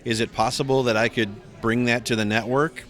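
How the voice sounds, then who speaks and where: A middle-aged man tells stories in a relaxed convention interview. He keeps a middle-pitched voice and jumps much higher whenever he acts out what someone said. His telling stays lively and chatty. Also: brisk. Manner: animated storyteller, acts out quotes with big pitch jumps. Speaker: voice actor guest.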